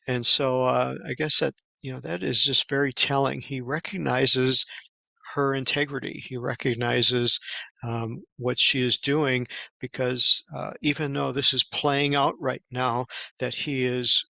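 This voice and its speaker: A man giving an informal Bible study lesson, talking in a casual, halting way with many fillers and restarts. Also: medium pitch, level tone, creaky, bright, forceful tone, no echo, rough recording. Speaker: Bible teacher.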